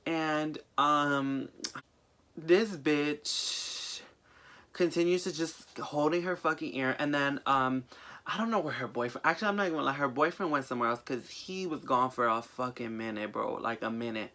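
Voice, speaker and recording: Young man ranting, bright voice. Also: a little high, normal speed. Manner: profane, animated ranting. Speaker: vlogger. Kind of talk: casual story time.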